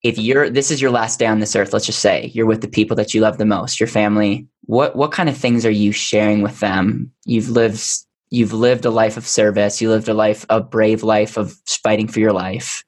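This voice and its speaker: A man hosting a casual interview podcast, affirming and quick to agree with his guest. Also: lowish voice, fairly even intonation. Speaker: podcast host.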